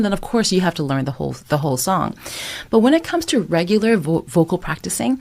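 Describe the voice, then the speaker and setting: A woman's voice: lowish voice, a little mellow. A middle-aged woman teaching singing, explaining step by step with an encouraging tone. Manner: encouraging, explains step by step, sings short phrases as demonstrations. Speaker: voice coach. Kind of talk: singing tutorial, talking to camera.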